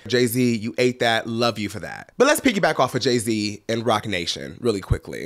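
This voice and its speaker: A man's voice: on the low side, very animated, normal speed, few pauses. A man with a congested, stuffy voice giving chatty, sassy pop culture commentary straight to his viewers. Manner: chatty and sassy, calling listeners girl and honey. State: congested from blocked sinuses.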